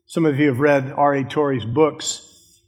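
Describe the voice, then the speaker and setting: A man's voice: fairly high pitch, steady tone, a little slow, long reverb tail. An older man, a pastor of many decades, preaching an earnest sermon and repeating his key lines.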